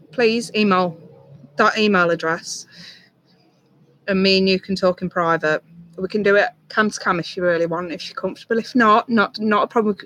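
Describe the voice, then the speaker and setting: A tarot reader on a live stream, talking softly and reassuringly to a viewer, with many ums and restarts. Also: medium pitch, a little hiss or hum.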